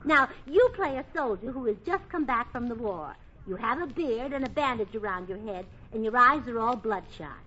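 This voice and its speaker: A woman's voice: fairly high pitch, expressive, normal speed, hardly any pauses, bright, forceful tone, slightly rough. A woman talking in a bubbly, scatterbrained way in a 1940s radio comedy. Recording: hissy lo-fi vintage radio recording.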